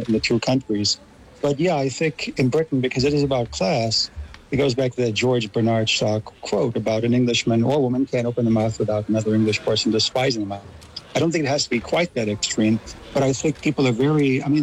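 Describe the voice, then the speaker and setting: A man's voice: medium pitch, slight background noise, low-quality recording. A man from Los Angeles with an American accent, explaining articulately as a guest on a radio panel. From Los Angeles, USA. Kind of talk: radio discussion.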